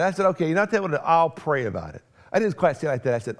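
A man's voice: on the high side, fast. A middle-aged man preaching a sermon as pastor, telling a family story with humor and acting out both sides of the conversations. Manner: animated storytelling, acts out both sides of dialogue, self-deprecating humor.

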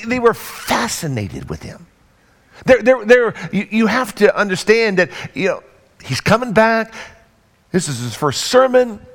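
Animated high-voiced male preacher. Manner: dramatic, swinging from loud bursts to hushed low lines. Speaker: pastor. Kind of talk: sermon.

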